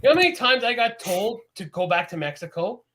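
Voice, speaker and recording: A Canadian man co-hosting a podcast in casual chat, rambling and animated, laughing often. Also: sits high, fast talker, a little hiss or hum. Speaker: podcast co-host.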